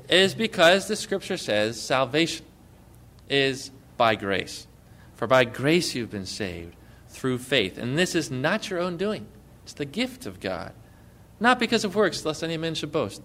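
A man delivers a sermon with a somewhat high-pitched voice. He presses hard on key phrases and then drops almost to a murmur, and his delivery keeps shifting between loud and soft. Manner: emphatic, swings between loud and hushed. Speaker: pastor.

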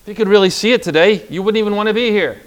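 A man's voice: high voice, rapid-fire. A man preaching a sermon with emphatic delivery, stretching out key words and calling on the congregation to repeat phrases.

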